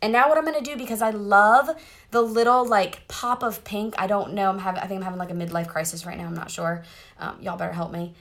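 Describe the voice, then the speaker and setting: A woman's voice: mid-range voice, fairly even intonation, fast, fairly bright tone. A woman, chatting bubbly and direct to viewers during a casual live makeup tutorial, sitting in a car. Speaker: makeup seller doing a live demo. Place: parked car.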